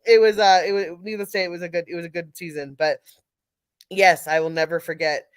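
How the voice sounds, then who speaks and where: A woman's voice: on the low side, fairly even intonation, brisk, smooth, no echo. A middle-aged woman from California, telling a casual story on a live audio panel, laughing often and restarting her sentences. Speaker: panel speaker.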